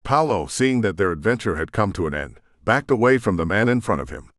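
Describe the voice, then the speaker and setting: A man narrating an audiobook in an expressive storytelling manner, in a studio booth. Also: lowish voice, brisk, no room sound. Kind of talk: scripted narration.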